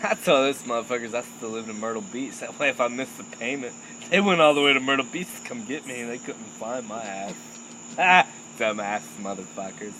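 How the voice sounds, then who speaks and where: A young man telling a crude, animated comic anecdote and laughing at his own jokes. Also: mid-range voice, fairly quick, slight background noise, low-quality recording. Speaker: storyteller.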